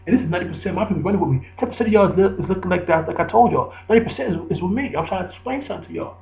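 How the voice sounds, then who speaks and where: Man, slightly high voice, gravelly, preachy rambling monologue, echoey dull recording. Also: expressive, rapid-fire. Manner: preachy, repetitive, emphatic.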